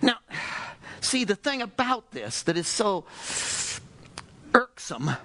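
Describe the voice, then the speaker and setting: A man preaching a sermon with a high voice. He fires off exclamatory rhetorical questions and sighs "oh, brother" asides, and his pitch swings up and down dramatically. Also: sing-song, slow pace, sharp tone.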